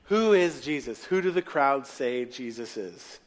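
A man preaching a sermon, telling stories and dropping to quiet asides. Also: mid-range voice, animated, a little slow.

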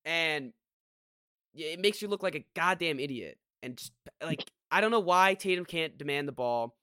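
A man talking sports on a podcast, rambling and frustrated, often stopping to restart a thought. His voice is bright and a bit high for a man. The sound is close and dry, with no room in it. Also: lively intonation, normal speed, smooth, no echo. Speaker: podcast co-host. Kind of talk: casual sports chat.

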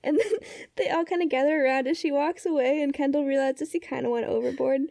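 A woman's voice: high-pitched, steady tone, brisk, vocal fry, dark tone. A woman co-hosting a casual chat, chiming in with quips and giggles. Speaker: podcast co-host.

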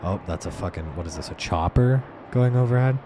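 A man's voice: sits low, animated, fairly quick, noisy background. A young man hosting a podcast, telling a comedic story as a profane, exasperated rant and acting out the voices of the people in it. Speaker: podcast host. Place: at home.

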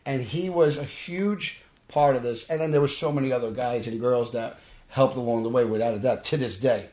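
Recorded with roomy echo in a podcast studio, this actor guest from Brooklyn, New York, tells stories in a casual interview, dramatizing the dialogue with animation. His Brooklyn-accented voice is medium in pitch and moves at a normal speed.

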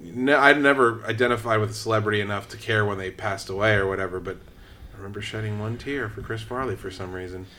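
Thirties guy on a podcast, lowish voice but bright tone, rambly, casual. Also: quick pace, slight background noise. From Florida. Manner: rambling storyteller, frequent fillers and self-corrections. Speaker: podcast co-host. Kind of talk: casual chat.

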